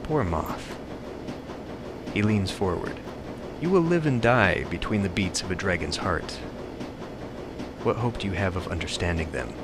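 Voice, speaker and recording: A man voicing an ancient dragon disguised as a suave gentleman who speaks in lofty, philosophical terms. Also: low voice, animated, background noise. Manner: slow, lofty, philosophical speech.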